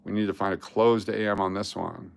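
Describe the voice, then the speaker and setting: A deep-voiced man with a gravelly, fry-heavy tone talks to camera while searching through coins. He mutters dates and mint marks as he goes, gets excited over a possible find and groans at the misses. It is a loose, casual commentary. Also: a little fast. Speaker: coin roll hunting host. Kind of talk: casual coin-hunting commentary.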